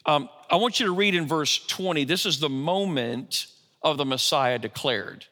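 A middle-aged pastor preaches in a relaxed, conversational way, tossing questions back to his congregation. His voice is bright and forceful and sits a little high. The sound rings out with the long reverb of a church hall. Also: normal speed. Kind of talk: sermon.

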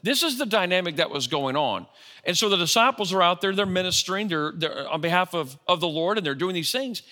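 A man's voice: high-pitched, expressive, brisk, sharp tone, long reverb tail. A middle-aged man preaching a sermon in a church, conversational, often asking his congregation questions. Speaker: pastor.

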